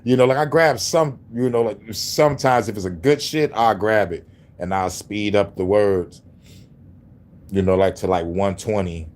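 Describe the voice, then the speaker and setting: A man's voice: on the low side, normal speed, darkish tone. A man hosting a casual reaction stream, talking in a laid-back way with a lot of swearing. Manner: laid-back, profane, laughing often. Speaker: host reacting to videos.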